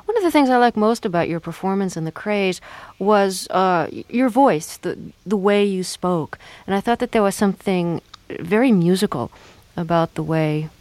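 A woman's voice: medium pitch, moderate pace, hardly any pauses, a little mellow, dry recording. A woman interviewer asking earnest, searching questions, with a few hesitant restarts.

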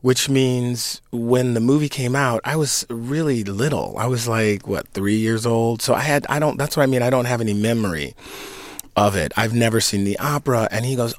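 A man's voice: mid-range voice, moderate pace, no room sound. A man in his fifties, an actor and singer, answering interview questions in a reflective, conversational way with fillers and restarts. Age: 50s. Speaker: actor and singer in an opera production.

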